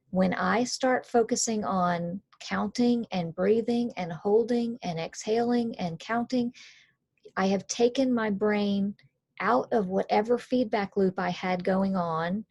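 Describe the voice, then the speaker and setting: Gravelly, husky woman coach. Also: mid-range voice, unhurried, darkish tone. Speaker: coach and author. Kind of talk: conversational explainer.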